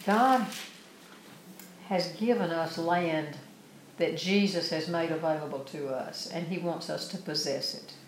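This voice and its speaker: A woman's voice: low-pitched, measured pace, echoey room, a little hiss or hum, low-quality recording. A woman preaching a sermon, reading scripture verses aloud and then explaining them earnestly.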